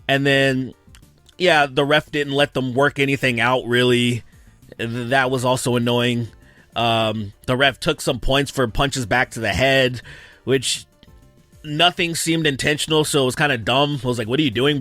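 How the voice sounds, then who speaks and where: A man giving a casual, animated breakdown of a boxing match, full of opinions and acted-out quotes. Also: mid-range voice, unhurried, no room sound, soft background music. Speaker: YouTube commentator. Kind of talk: casual fight breakdown commentary.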